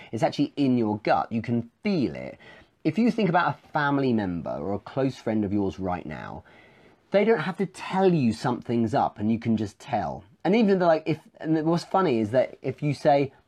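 Lively man teaching sales. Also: medium pitch. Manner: conversational, animated delivery with restarts and asides. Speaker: sales trainer. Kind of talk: live-streamed teaching talk.

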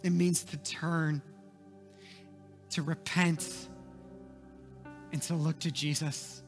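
A man preaching a sermon, telling the story dramatically, moving from hushed passages to shouting. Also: fairly high pitch, little pitch movement, takes it slowly, long pauses, soft background music.

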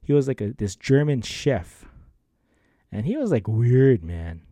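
A man's voice: medium pitch, measured pace, no room sound. A man hosting a podcast, telling rambling stories in a casual way, laughing often and acting out what people said. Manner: rambling, animated, acts out quoted lines. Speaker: podcast host. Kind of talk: casual storytelling monologue.

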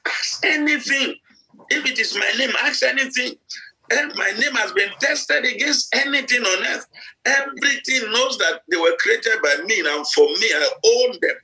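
A man's voice: sits high, sharp tone, poor audio. A man preaching a sermon with fervent, repetitive exhortation and acted-out quotes.

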